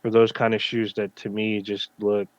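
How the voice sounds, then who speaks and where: A man co-hosting a casual podcast chat, telling anecdotes in a relaxed, offhand way. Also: on the low side, normal speed, no echo. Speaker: podcast co-host.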